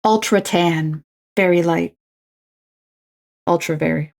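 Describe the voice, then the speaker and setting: A woman's voice: on the low side, slow pace, creaky, a little mellow. A woman, chatting and rambling to herself and her viewers while she crafts on a stream. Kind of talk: casual chat while crafting.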